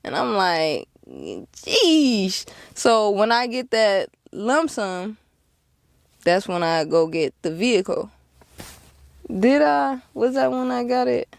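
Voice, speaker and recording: A woman's voice: fairly high pitch, slow, creaky, no echo. A young woman, telling a story to camera casually and laughing often. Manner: animated, laughs often, acts out quotes. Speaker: car dealer and vlogger.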